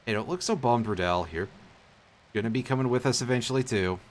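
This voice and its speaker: A man streaming a role-playing game, half reading the on-screen text under his breath and cracking jokes with the occasional swear. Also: a little fast. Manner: reads game text aloud in a low mutter, jokes and swears. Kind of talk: casual let's-play commentary.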